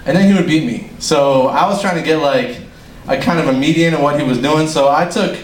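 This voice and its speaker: A man's voice: a little high, a little fast. A young man doing an amateur stand-up set, rambling, swearing and laughing at his own jokes, in a small room with an audience. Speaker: stand-up comic. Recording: echoey room, faint ambience.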